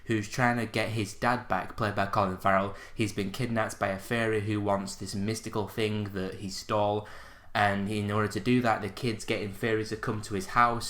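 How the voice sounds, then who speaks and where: A man's voice: on the low side, fairly bright tone. A man giving a casual spoken movie review on his channel, blunt and unimpressed in a conversational way. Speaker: film reviewer.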